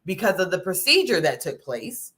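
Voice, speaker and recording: Bright-voiced woman hosting a chat. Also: fairly low pitch, normal speed. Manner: animated, folksy, many "okay?" asides. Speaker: host. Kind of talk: casual talk to a live audience.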